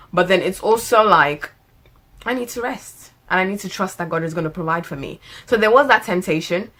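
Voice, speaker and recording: A woman's voice: lowish voice, a bit bright. A woman in her late twenties, a lifestyle vlogger chatting to camera, who laughs often, stretches words for emphasis and drifts into preaching. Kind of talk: casual chat to camera.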